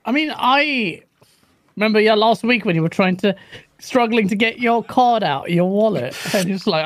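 A man co-hosting a casual chat show, relaxed and chatty, laughing as he tells stories. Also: high-pitched, moderate pace, no room sound. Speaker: podcast co-host.

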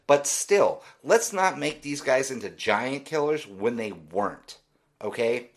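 A man's voice: mid-range voice, big pitch swings, unhurried. A man hosting a solo sports podcast, giving opinionated, dismissive commentary in a ranting way. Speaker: podcast host.

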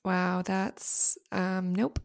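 Low-voiced chatty woman co-host. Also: monotone, gravelly. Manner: quick to react, chatty, swears casually. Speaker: podcast co-host. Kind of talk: casual chat, reading listener stories.

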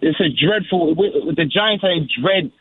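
A man's voice: on the high side, normal speed, husky, dry recording. A man calling in to a radio show, rambling with stammering restarts. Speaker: caller. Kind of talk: call-in radio chat. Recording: tinny phone line.

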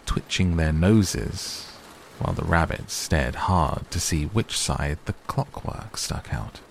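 A man softly and gently reading a bedtime story aloud as narrator. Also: very deep voice, gravelly, slight background noise. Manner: gentle, hushed. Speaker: audiobook narrator. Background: soft rain sounds.

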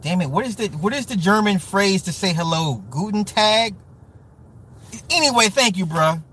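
A man from the US Midwest hosting a casual livestream, talking to chat with profane, joking, animated rants. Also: sits high, moderate pace, breathy edge. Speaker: livestream host reading chat.

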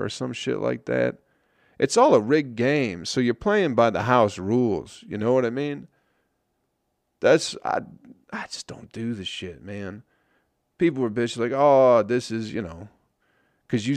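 Young man, low gravelly voice, profane rambling podcast host, dry close sound. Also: a little mellow, no room sound. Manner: rambling, profane, wry and self-mocking. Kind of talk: casual solo podcast rant.

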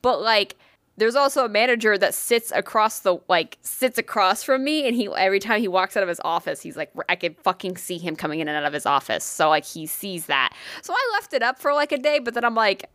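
A young woman co-hosting a casual chat, telling an animated story full of swearing and "like". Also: medium pitch, a little fast, dry recording. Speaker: podcast co-host.

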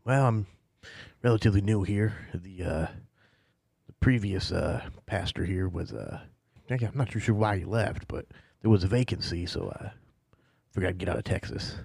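A man's voice: deep voice, moderate pace, vocal fry, darkish tone, husky, dry recording, clean studio sound, exaggerated voice. A man doing a laid-back boozy young pastor. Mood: easygoing. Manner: casual, drawling, swears offhandedly. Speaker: small-town pastor.

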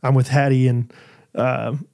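A man in his thirties co-hosting a podcast, telling family stories in a casual, animated way with frequent laughter. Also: medium pitch, measured pace, gravelly. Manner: animated storyteller, laughs often. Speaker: podcast co-host. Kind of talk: casual chat.

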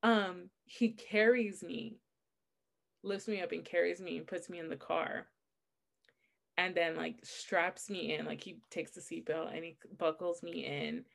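A woman's voice: lowish voice, steady tone, a little slow, vocal fry. A young adult woman co-hosting a podcast, telling a long personal story in casual chat and laughing often. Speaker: podcast co-host.

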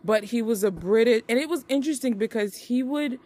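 A woman's voice: fairly high pitch, fairly quick, a little mellow. A woman hosting a movie review podcast, chatting casually and animatedly with playful wordplay. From United States. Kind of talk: casual chat.

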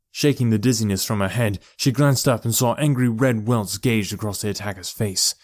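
Low-voiced male audiobook narrator. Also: darkish tone, no room sound. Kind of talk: scripted narration.

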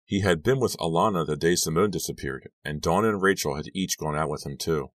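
Super deep guy narrating an audiobook, steady, dry close mic. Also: a little fast, dry recording, recorded from a distance. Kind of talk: scripted first-person audiobook narration.

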